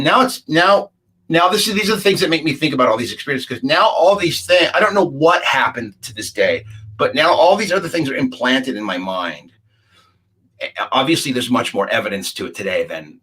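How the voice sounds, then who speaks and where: Middle-aged male guest, mid-pitched voice, spins a rambling first-person yarn and plays out the dialogue. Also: pushed and bright, husky. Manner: rambling, acts out the dialogue of others. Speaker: guest recounting a UFO encounter. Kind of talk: casual anecdotal storytelling.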